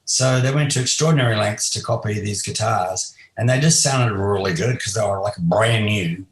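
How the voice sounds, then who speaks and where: A man with a lowish voice recalls stories from his career in a relaxed interview. He meanders and restarts often. His sound bounces around a noticeably reverberant room. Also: moderate pace. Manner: rambling, many restarts and "you know". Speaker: guest musician. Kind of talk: casual interview storytelling. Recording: roomy echo.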